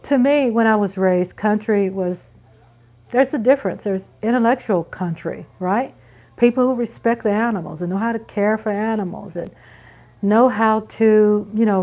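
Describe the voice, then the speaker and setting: With a mellow, medium-pitched voice, a middle-aged Texan woman hosts a casual live chat. She talks to viewers directly in a folksy, chatty Texan accent.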